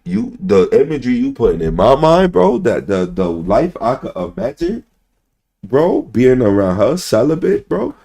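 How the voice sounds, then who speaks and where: A man's voice: fairly low pitch, mellow, breathy edge. A young man ranting casually to his stream chat, rambling, swearing and repeating "bro" and "son" constantly.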